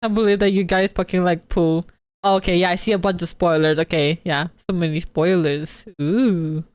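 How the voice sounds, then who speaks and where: A woman streamer giving casual, excitable game commentary, swearing and laughing often. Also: on the low side, normal speed, no room sound.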